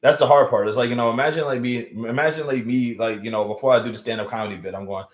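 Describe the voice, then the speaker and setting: A man's voice: medium pitch, fast talker, hardly any pauses, reverberant. A young man hosting a casual live stream from home, rambling with many restarts and fillers while feeling unwell. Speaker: livestream host.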